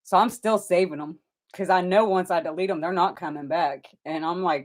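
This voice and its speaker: A middle-aged woman hosting a live stream, telling stories casually with lively voices for the people in them and frequent swearing. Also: low voice, quick pace. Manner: animated, swears freely, acts out quoted people. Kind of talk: casual storytelling.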